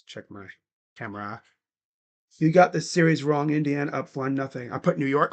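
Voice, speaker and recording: A man's voice: on the high side, moderate pace. A young man giving casual live play-by-play, rambling and slangy between calls. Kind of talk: casual live reaction commentary.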